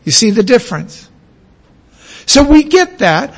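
Slow-talking high-voiced man lecturing. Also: sing-song, breathy edge. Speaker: teacher. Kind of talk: classroom lecture on Greek.

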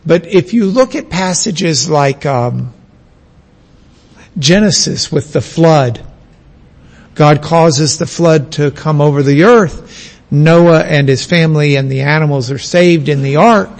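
A man's voice: fairly high pitch, slow, gravelly, long reverb tail. A man from the United States giving a classroom lecture on biblical languages, emphatic and repeating key words for stress.

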